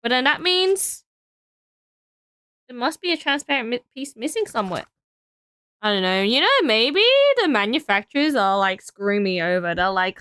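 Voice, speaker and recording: A woman's voice: a little high, animated, moderate pace, bright, forceful tone, clean tone, no echo, clean studio sound. A young Australian woman streaming casually, tired and rambling as she thinks aloud while building.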